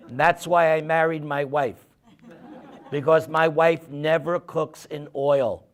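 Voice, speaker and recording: A man's voice: fairly high pitch, slow pace. A man telling humorous stories to an audience and taking their questions in a casual talk. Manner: humorous, animated storytelling. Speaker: speaker answering questions.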